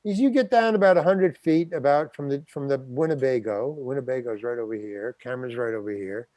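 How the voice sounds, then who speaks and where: A man's voice: mid-range voice, fairly quick, darkish tone, no echo. An older man, a guest actor, telling a story in an interview and acting out the quotes. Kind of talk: anecdotal storytelling.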